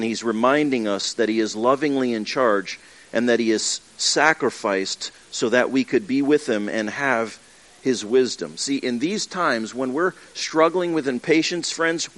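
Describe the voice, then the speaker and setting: A man's voice: mid-range voice, moderate pace. Man preaching a conversational sermon. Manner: earnest, conversational preaching with restarts and acted asides. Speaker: pastor. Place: church with livestream.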